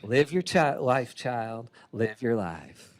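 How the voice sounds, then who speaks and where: A man voicing a serene dying mother who gives calm, wise parting advice in a soft-spoken way. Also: medium pitch, slow pace, a crowd in the background, voice pushed down.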